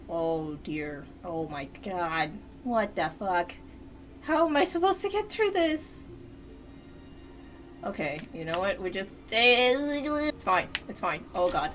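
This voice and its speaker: A woman's voice: mid-range voice, sharp tone, a little hiss or hum. A woman streaming a video game live, talking to her chat and the game character, shrieking and swearing at every death. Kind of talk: live gameplay commentary. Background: game music.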